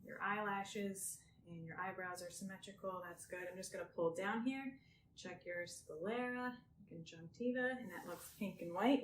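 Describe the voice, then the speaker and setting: A woman guiding someone through a clinical health exam step by step, gentle and reassuring, often checking in with "okay?". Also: medium pitch. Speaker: examiner doing a health assessment. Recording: roomy with faint background noise.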